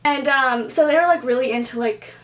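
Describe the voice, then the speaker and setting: A young woman talks straight to her camera in a storytime vlog. Her voice sits high, and she tells the story casually and animatedly, leaning on "like" and acting out what everyone said. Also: fairly quick, faint music behind. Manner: animated, expressive, heavy use of "like", acts out quotes. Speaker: vlogger.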